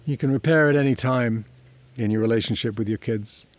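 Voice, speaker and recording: A man's voice: medium pitch, a little fast, dry recording. A middle-aged man teaching in a reflective, conversational way, mixing explanation with personal stories. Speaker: therapy teacher. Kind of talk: explanatory talk to camera.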